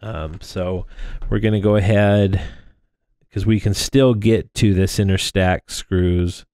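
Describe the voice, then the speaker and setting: A man's voice: lowish voice, fairly even intonation, takes it slowly, warm tone, clean tone, no echo, clean studio sound. A man in his thirties talking casually through a drone frame build, rambling with plenty of fillers and restarts. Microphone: close microphone in front of him.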